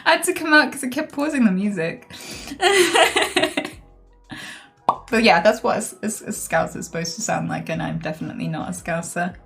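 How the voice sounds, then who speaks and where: A woman's voice: fairly low pitch, lively intonation, fast, creaky, hardly any pauses, a bit bright, faint music behind. A woman streamer chatting casually and playfully on a live stream, laughing often.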